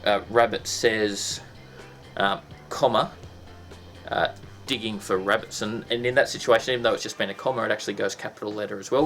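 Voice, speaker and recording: A man's voice: on the low side, creaky, fairly bright tone. A man teaching a casual lesson, chatty and full of ums and restarts, breaking into sound effects.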